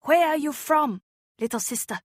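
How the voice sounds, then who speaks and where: Woman doing a firm, kindly fisherwoman, slow and deliberate, pitched up, audiobook. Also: fairly bright tone, no echo, studio quality, close to an everyday voice. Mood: gentle. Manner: scolding then coaxing, slow and deliberate. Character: kindly adult fishing-boat woman, firm but gentle.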